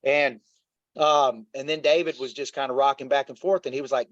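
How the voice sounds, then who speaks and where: A man's voice: medium pitch, fairly even intonation, normal speed, no room sound. Earnest storytelling man, dull dry audio. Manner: earnest, repeats himself, addresses listeners as y'all. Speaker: interview guest. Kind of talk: emotional personal storytelling. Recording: dull, slightly lo-fi dry sound.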